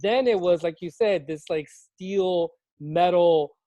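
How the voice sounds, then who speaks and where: Animated storytelling man, dry sound. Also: high voice, slow pace, dry recording. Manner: animated storyteller, laughs often. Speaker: high school teacher, co-host. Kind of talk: casual unscripted conversation.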